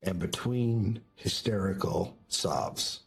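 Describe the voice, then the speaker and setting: Deep slow-spoken male game master. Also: vocal fry, slightly rough. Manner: slow, descriptive, hesitant restarts. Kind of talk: narrating a tabletop game.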